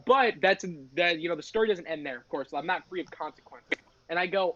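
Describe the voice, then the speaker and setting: Profane, animated young male storyteller. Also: on the high side, brisk, a crowd in the background. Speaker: podcast host. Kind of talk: casual storytelling. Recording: dry, slightly dull podcast audio.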